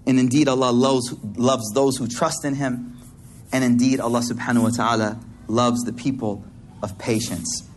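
A man's voice: mid-range voice, steady tone, moderate pace, a little hiss or hum. A man preaching a sermon to a congregation in a hall, talking in a casual, slangy way with playful asides.

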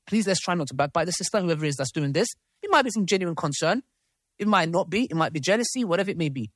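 Animated man hosting a debate. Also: high voice, no room sound, studio quality. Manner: animated, reads messages aloud with commentary. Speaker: host. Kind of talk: moderating a live discussion.

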